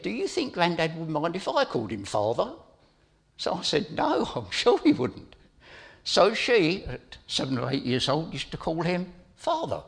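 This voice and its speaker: A man's voice: on the high side, vocal fry, fairly bright tone. A middle-aged man giving an informal sermon as preacher, telling a family story in a chatty way with asides to his listeners.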